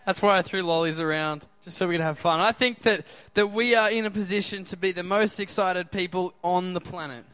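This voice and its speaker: A man's voice: high-pitched, steady tone, fairly quick, hardly any pauses, fairly bright tone, clear, resonant tone. A man preaching a sermon in an upbeat way, often asking the crowd questions.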